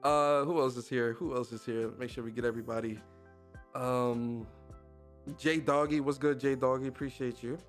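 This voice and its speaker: A man hosting a casual live stream, giving rapid slangy shout-outs to his chat. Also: mid-range voice, steady tone, soft background music. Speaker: podcast and stream host.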